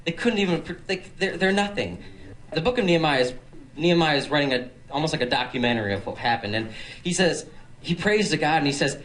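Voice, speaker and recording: A teenage boy preaches to a small audience in a relaxed, conversational way. His voice sits a little high for a man, and he keeps stumbling over words and restarting as he retells the story. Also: fast, low-quality recording. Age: teens. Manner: chatty, filler-heavy retelling with many restarts. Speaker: youth preacher. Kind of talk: casual Bible talk. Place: nursing home.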